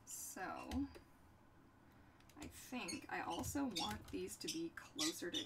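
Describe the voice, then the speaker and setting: A young woman hosting a casual livestream from her home workshop, chatting in an animated way and talking to her pets. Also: lowish voice, slow. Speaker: livestream host. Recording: distant mic with background noise.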